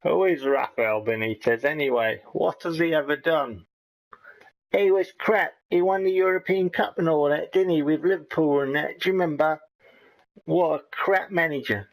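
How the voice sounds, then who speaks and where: A man putting on the voice of a boastful, washed-up male football manager with a deep, slow, smug drawl. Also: close to an everyday voice, rough recording.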